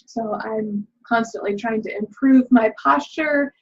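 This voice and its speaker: A middle-aged woman leads a laughter yoga class in a guided exercise video, chatty and upbeat and often laughing while she explains. Her fairly high, slightly rough voice is unhurried, and the recording has a dull lo-fi quality.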